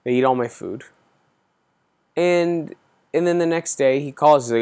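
A man's voice: fairly high pitch, measured pace, darkish tone, clean tone. Man in his thirties, podcast host, casual storytelling, swears a lot, exasperated rant. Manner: profane, exasperated ranting.

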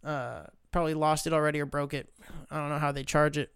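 A man hosting a podcast, telling comic stories in a profane, rambling, animated way. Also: a little high, fast, vocal fry, smooth, dry recording, clean studio sound. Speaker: podcast host. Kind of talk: casual comedic storytelling monologue.

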